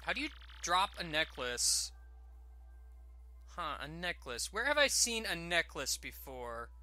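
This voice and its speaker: Jokey let's play host, very bright tone, lively swings in pitch. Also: male voice, unhurried, dry recording, faint music behind. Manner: rambling, jokey, self-mocking. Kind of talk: casual gameplay commentary.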